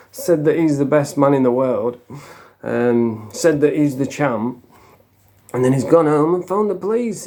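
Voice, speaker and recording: Mellow-voiced man telling a story. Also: a little high. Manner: rambling, chuckles often, slangy. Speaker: online commentator. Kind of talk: casual storytelling.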